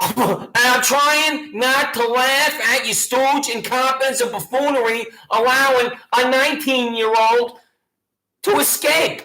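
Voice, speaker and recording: A man's voice: extremely high pitch, steady tone, unhurried, pushed and bright, reverberant, low-quality recording. A man delivering a mocking, badgering monologue at a sheriff, repeating taunting questions. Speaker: local gadfly taunting a sheriff. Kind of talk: ranting monologue addressed to a sheriff.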